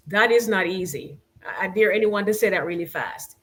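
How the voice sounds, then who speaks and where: This medium-pitched, fairly bright female voice moves at a moderate pace with few pauses. She's a Jamaican-accented host from Jamaica, chatting loosely on a casual live stream and saying "you know" and "like" a lot.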